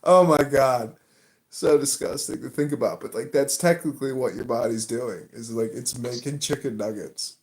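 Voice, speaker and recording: A man's voice: mid-range voice, normal speed, hardly any pauses, a little mellow. A man hosting a casual podcast chat, crude and joking, often laughing at himself. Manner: crude, laughs at his own jokes. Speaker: podcast host.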